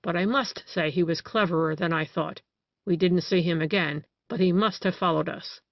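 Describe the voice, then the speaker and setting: A cunning, boastful male detective, put on by an audiobook reader, savoring every detail of his tale. The voice is mid-pitch, recorded dry and slightly dull. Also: normal speed, dry recording, lightly acted.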